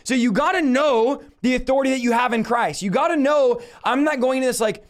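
High-voiced man preaching with force. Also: brisk. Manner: forceful, emphatic preaching with sudden rebukes. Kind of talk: livestreamed teaching sermon.

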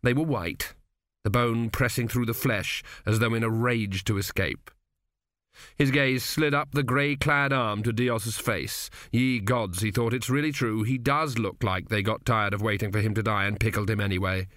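A man narrating a comic fantasy audiobook in a measured, even storytelling manner. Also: lowish voice, no echo, clean studio sound. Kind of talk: scripted narration.

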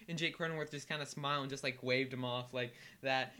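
A young man co-hosting a casual sports chat, an animated storyteller who loudly mimics yelling fans. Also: on the high side, fast talker, few pauses. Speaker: co-host.

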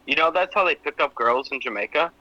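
A man in his twenties trades jokes on a casual video-call podcast, his voice very bright and a bit high. He sounds lively and animated, and the sound is dry and close. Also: no echo, dull audio. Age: 20s. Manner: joking, quick asides. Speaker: podcast co-host. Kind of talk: casual chat. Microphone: video call with headphones.

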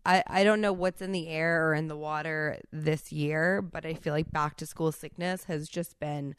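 Recorded with clean studio sound and no echo, this podcast host has a low, clear, resonant voice with fairly even intonation and a moderate pace. In her thirties and talking candidly on her solo show, she's congested from a cold, so she sounds stuffy and restarts frequently.

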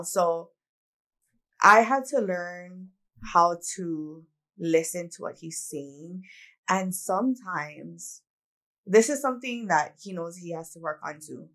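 Low-voiced woman telling stories candidly. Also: a little slow, a bit bright. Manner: candid, reflective storytelling with many "like"s. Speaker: podcast co-host. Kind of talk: casual chat.

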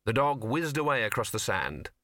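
A man's voice: mid-range voice, big pitch swings, moderate pace, sharp tone, no echo. A man narrating a comic fantasy audiobook in a dry storytelling manner. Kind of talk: scripted narration.

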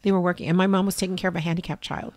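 A woman's voice: fairly low pitch, fairly even intonation, racing, darkish tone, dry recording. A middle-aged woman, a mother and interview guest, telling rambling personal stories and acting out what others said. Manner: rambling, acts out quoted people in changed voices. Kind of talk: candid personal storytelling.

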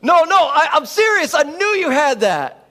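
A man's voice: extremely high pitch, sing-song, normal speed, voice pushed up, exaggerated voice. A man acting out a hyped-up basketball teammate. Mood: excited, insistent. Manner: loud, insistent, repeating himself. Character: hyped-up tall male basketball teammate, relentless cheerleader.

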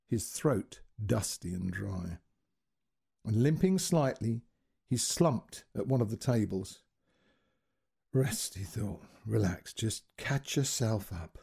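Guy reading a short story out loud, husky and dark, really lively dramatic delivery. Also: medium pitch. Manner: expressive, dramatic reading with swings between hushed and raised passages. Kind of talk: scripted story narration.

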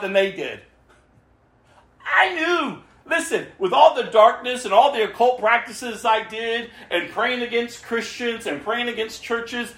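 Fervent high-voiced man preaching in an echoey room. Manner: fervent, swings from loud exclamations to low hushed tones. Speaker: preacher giving testimony. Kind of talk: impassioned testimony sermon.

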